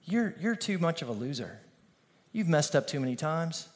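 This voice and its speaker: Man as sneering, belittling demons, low and quiet, sermon illustration. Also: sing-song, moderate pace. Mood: scornful. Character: taunting demons, scornful and belittling.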